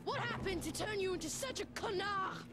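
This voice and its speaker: A woman's voice: very high-pitched, fairly quick. An actress playing an idealistic young woman in a game cutscene, earnest and scolding. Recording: game cutscene with loud music, distant.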